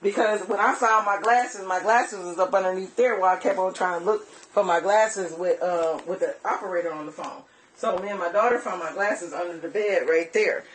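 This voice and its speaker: A woman's voice: mid-range voice, fairly quick, rough recording. Woman rambling through a retelling. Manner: rambling, run-on retelling with lots of repeats. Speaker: person reporting an assault to police. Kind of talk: recounting events to an officer. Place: bedroom in a home, indoors. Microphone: officer's body camera.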